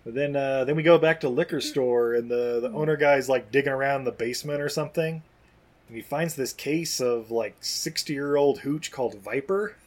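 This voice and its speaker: A man's voice: medium pitch, normal speed. A man recapping a movie in casual chat. He rambles, swears freely and laughs often as he talks.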